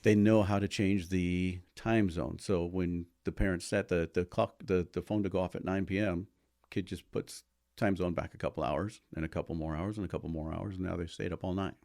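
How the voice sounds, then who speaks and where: A man with a fairly low voice talks as a school resource officer on a podcast. He explains things step by step in a casual way and keeps checking in with "right?". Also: steady tone, fairly quick, a little mellow.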